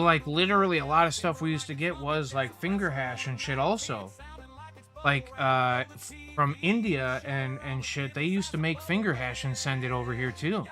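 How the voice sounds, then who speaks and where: A man hosting a casual livestream, telling rambling, profane stories about dispensary customers with lively retellings. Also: medium pitch. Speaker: livestream host. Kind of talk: casual storytelling chat.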